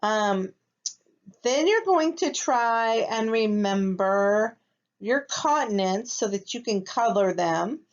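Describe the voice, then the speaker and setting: Speaking patiently and slowly, a first grade teacher from the United States leads a recorded lesson for young children, often checking in with "okay?" to see that they're keeping up. Her medium-pitched voice is animated, and the audio has a somewhat dull, lo-fi quality.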